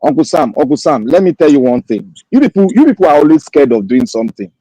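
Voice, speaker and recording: Nigerian man, heated debate, husky dark voice, lively pitch, dry. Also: quick pace, dry recording, poor audio. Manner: forceful, interrupts, slips into pidgin.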